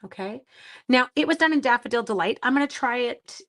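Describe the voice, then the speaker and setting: A woman with a somewhat high voice runs a casual craft livestream. She chats bubbly and freely, greeting viewers as she works. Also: animated, brisk, fairly bright tone. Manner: chatty and bubbly, chatting with viewers. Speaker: stamping craft demonstrator and host.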